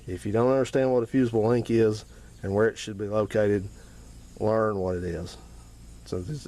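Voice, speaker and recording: Male garage host, low-pitched, going hoarse, plain-spoken how-to delivery. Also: mellow. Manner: plain-spoken, repeats warnings emphatically. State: getting hoarse. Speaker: home mechanic channel host. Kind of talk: casual how-to talk.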